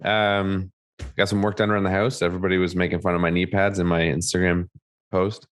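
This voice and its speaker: A man with a very low voice co-hosts a casual podcast. He teases easily and talks through a home-repair job step by step. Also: flat delivery, fairly quick, fairly bright tone. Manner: easygoing, teasing, detailed storyteller. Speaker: podcast co-host.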